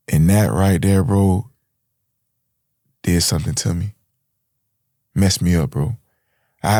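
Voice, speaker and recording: A man's voice: sits low, dark tone, dry recording, studio quality. Slangy man telling a raw story. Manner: slangy, street talk, says bro and man a lot. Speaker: podcast guest. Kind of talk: emotional storytelling.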